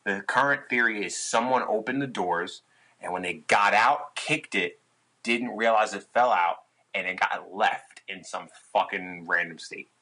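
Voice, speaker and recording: A man's voice: fairly low pitch, a little slow, bright, forceful tone, rough recording. A young man, a guest on a podcast, telling a tour story in casual, profane chat and acting out his own past lines. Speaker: podcast guest, touring musician.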